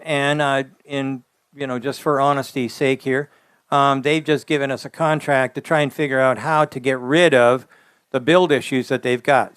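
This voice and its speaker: Blunt, folksy older man with a smooth voice. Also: mid-range voice, no room sound. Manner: blunt, folksy, animated when telling stories. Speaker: automotive engineering expert. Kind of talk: interview answers.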